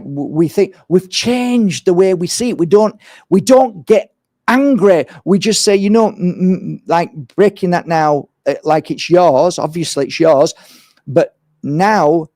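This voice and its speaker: A man with a fairly high voice talks about his healing work in a casual monologue. He is animated, acts out exclamations and swears now and then. The sound is dry and close. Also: no echo. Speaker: crystal healer.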